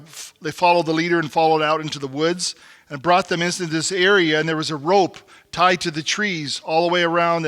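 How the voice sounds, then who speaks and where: A man's voice: on the high side, fairly bright tone. A middle-aged man speaking to a men's group, telling a folksy story and acting out the quotes he tells. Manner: folksy, acts out quotes, rises to emphatic exhortation. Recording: long hall reverb.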